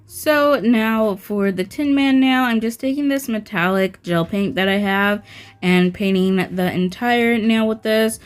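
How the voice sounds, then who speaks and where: A woman's voice: medium pitch, faint music behind. A woman talking through a nail art tutorial in a casual, rambling voice-over, full of fillers like "um" and "like". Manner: slow, filler-heavy, rambling.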